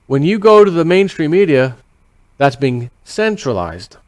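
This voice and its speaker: A man's voice: fairly high pitch, very animated, measured pace, dry recording. American guy rambling on his vlog, repeats stuff, swears a bit, dry close sound. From United States. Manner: acts out inner voices with quotes. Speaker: vlogger. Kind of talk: casual opinion monologue.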